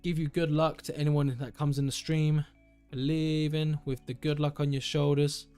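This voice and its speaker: A man's voice: on the high side, little pitch movement, normal speed, mellow, clean tone, faint music behind. A young man chatting casually on a live stream, rambling and correcting himself as he browses tech deals at home. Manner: rambling, self-correcting, enthusiastic. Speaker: tech livestreamer.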